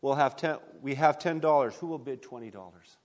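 A man voicing a persistent, formal auctioneer in a sermon story, announcing in a measured way. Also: mid-range voice, in a large hall, lightly acted.

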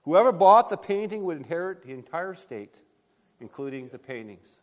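A calm, formal auctioneer, spoken by a male preacher who announces the sale in a measured tone, his voice a touch high for a man. The words ring out with a long reverb, as in a church hall.

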